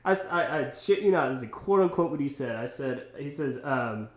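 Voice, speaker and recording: A man's voice: mid-range voice, a little fast. A man in his twenties, a podcast guest, telling a story in casual, profane speech with frequent laughter. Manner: animated, profane, laughs often. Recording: roomy echo.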